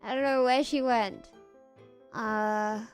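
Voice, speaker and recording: Slow-talking, high-voiced American streamer woman. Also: steady tone, clear, resonant tone, faint music behind. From United States. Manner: playful, meandering. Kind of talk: casual stream commentary.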